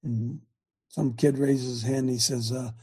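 A man's voice: medium pitch, steady tone, a little slow, warm tone, breathy edge. An older man hosting a Christian talk show, preachy and emphatic, often repeating words and restarting sentences. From United States.

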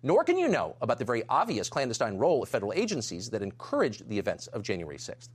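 A man's voice: mid-range voice, huge pitch swings, quick pace, slightly rough. A man delivering a scripted monologue in an indignant, emphatic way. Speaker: commentator.

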